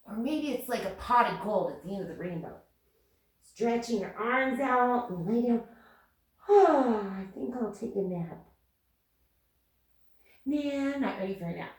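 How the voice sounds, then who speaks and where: A young woman leading a playful yoga class for children, coaxing and sing-song, and making animal sounds as she goes. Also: on the high side. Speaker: kids yoga teacher. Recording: very echoey room, voice from a distance.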